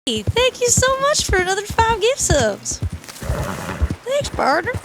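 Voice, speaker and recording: A woman streaming a game, chatting casually with viewers and reacting loudly. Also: very high voice, huge pitch swings, unhurried. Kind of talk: casual gameplay commentary.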